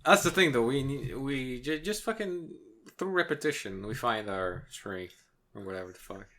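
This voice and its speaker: A man co-hosts a casual gaming podcast in a bright, forward voice that swings widely in pitch. He answers with dry sarcasm and drops swear words freely. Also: lively intonation, moderate pace. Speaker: podcast co-host.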